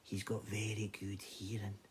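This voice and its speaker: Man voicing a wary scottish goat herd, hushed, solemn, low, slow, breathy. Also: completely flat delivery, slight background noise, close to an everyday voice. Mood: grave hush. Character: cautious male goat herd, grave and warning. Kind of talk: oral storytelling.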